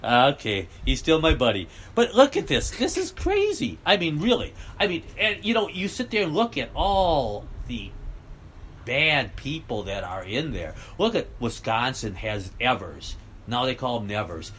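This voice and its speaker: A man's voice: medium pitch, very animated, normal speed, fairly bright tone, a little hiss or hum, rough recording. A man ranting bluntly and sarcastically about politics, rambling on in a heated vlog. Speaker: political vlogger. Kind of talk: rambling rant.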